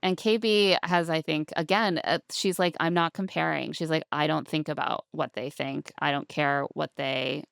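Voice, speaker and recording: Low, gravelly woman recapping casually. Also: steady tone, normal speed, hardly any pauses, no room sound, studio quality. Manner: chatty, acts out quotes with shifting voices. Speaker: podcast co-host.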